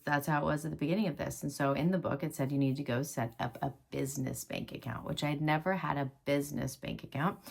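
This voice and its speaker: A mother of five in her thirties, with a low-pitched, gravelly voice, tells her personal story to camera casually and with plenty of laughter. Her manner is animated, dropping into whispers for her inner thoughts.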